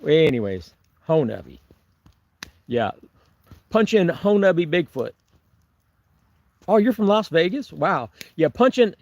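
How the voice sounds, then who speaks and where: Chatty man rambling on a livestream. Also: on the high side. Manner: rambling, chuckling, frequent restarts. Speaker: Bigfoot researcher vlogger. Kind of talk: casual livestream chat reading viewer comments. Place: camping on remote forested property.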